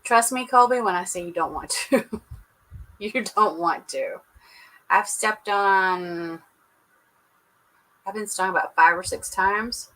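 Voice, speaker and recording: Chatty woman host, bright clear voice, casual home livestream from a computer mic. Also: medium pitch, unhurried, pauses often, poor audio. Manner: chatty, laughs often, Southern "y'all". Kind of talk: casual livestream chat with viewers. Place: at home indoors. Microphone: computer webcam mic.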